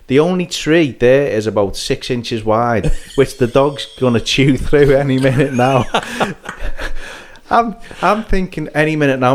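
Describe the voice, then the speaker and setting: A man, hosting a podcast and telling a lively story, acting out quotes and laughing often. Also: mid-range voice. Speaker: podcast host. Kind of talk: casual anecdote telling.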